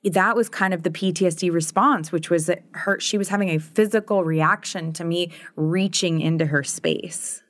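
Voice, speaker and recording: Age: 30s. Sex: woman. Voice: low and candid. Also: moderate pace, hardly any pauses, no echo, clean studio sound. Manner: candid, chatty, laughs often, many fillers. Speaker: podcast co-host. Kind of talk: casual conversation.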